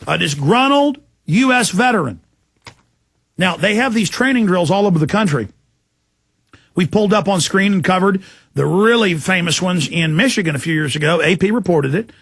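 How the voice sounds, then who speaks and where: A man's voice: high voice, lively intonation, moderate pace, fairly bright tone, slightly rough, dry recording, clean studio sound. A man hosting a political talk show, delivering an impassioned, ranting monologue.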